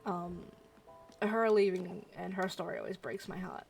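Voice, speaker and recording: A woman streamer chatting casually while playing a game, musing out loud with frequent ums. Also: on the low side, steady tone, moderate pace, vocal fry, faint music behind. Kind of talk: casual let's-play commentary.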